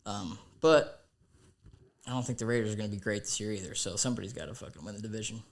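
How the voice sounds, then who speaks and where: A man's voice: lowish voice, fast. A man co-hosting a casual sports podcast, brash and swearing freely as he hypes his picks. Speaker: podcast co-host.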